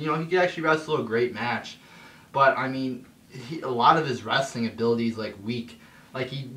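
A man's voice: medium pitch, bright, forceful tone. A young man ranting casually, swearing often and rambling with lots of fillers and restarts, getting heated as he talks. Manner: gets heated, voice jumps up when mocking. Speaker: vlogger ranting. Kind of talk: casual rant monologue. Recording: echoey room, somewhat far from the mic, faint background noise.

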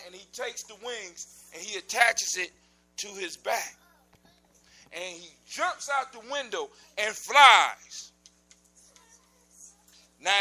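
A man telling a folk tale live to children in a lively, animated way, with sound effects and shouted outbursts. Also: sits high, rough recording. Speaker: storyteller. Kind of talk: live oral storytelling to children.

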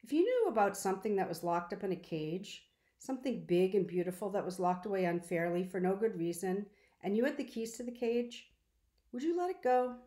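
A woman's voice: medium pitch, lively intonation, a little fast, lightly acted. Woman doing a fierce, stubborn young girl. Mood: earnest. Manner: insistent and forceful. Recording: roomy echo.

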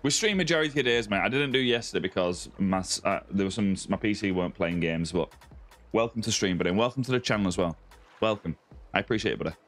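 A man's voice: lowish voice, fast, soft background music. An Australian man live-streaming a game, chatting casually and greeting viewers by name, calling them mate and buddy. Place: home streaming setup with a ring light.

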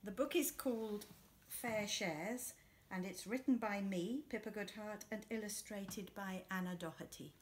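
A woman author reading her own picture book aloud to children, telling it in a warm, expressive storytelling way. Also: mid-range voice, measured pace, slight background noise.

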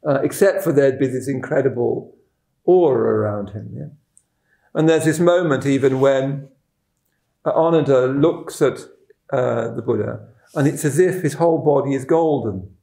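A middle-aged man, a Buddhist teacher telling a story in a dharma talk, halting and repeating words, chuckling at his own stories. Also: medium pitch, vocal fry, warm tone. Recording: roomy echoing room.

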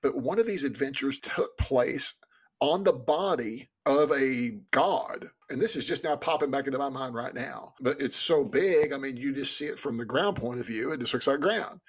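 A man in his forties co-hosting a book podcast, talking in an animated, rambling way. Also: mid-range voice, normal speed, breathy edge. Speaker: podcast co-host.

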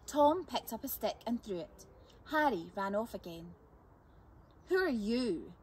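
A woman reading a chapter book aloud for children, with expressive, lively narration. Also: medium pitch, normal speed, slightly rough. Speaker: storyteller.

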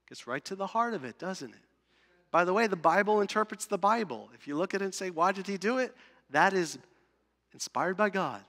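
A man preaching a sermon as pastor, emphatic, swinging between loud and hushed and asking the congregation questions. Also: high voice, expressive, normal speed, long reverb tail. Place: church sanctuary.

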